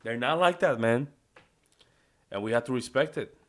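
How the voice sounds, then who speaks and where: American guy, reaction host, mid-pitched, rambling, casual commentary. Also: normal speed, a bit bright. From United States. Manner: loose, repeats himself, ends lines with "man" and "right?".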